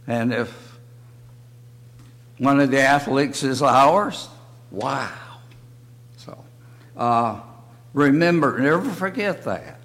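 An older man teaching a church Bible lesson in slow, halting short phrases. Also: medium pitch, lively intonation, a bit bright. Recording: long reverb of a hall.

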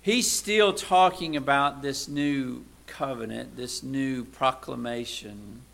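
A man preaching a sermon in a conversational way. He asks his listeners rhetorical questions and swings between loud emphatic lines and quiet low asides. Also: takes it slowly, gravelly.

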